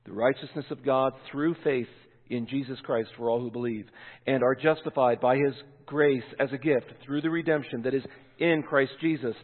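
Preaching man in an echoey hall. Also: mid-range voice. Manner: emphatic, slows and lingers on key words. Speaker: pastor. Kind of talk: sermon. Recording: phone-like sound with long hall reverb.

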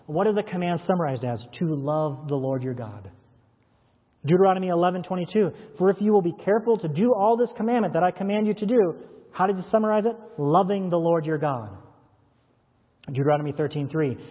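Preaching a sermon, a male pastor works through a run of scripture verses, quoting and explaining them and pausing to put pointed rhetorical questions to his listeners. His voice sits a little high and sounds husky. The recording is thin and phone-like, with a long echo from a large hall.

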